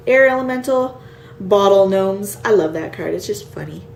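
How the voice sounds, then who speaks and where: A tired, yawning woman showing off a card game box set, slowly reading out card names and sometimes unsure how to say them. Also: medium pitch, expressive, gravelly, darkish tone. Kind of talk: casual show-and-tell. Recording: echoey room with faint ambient noise.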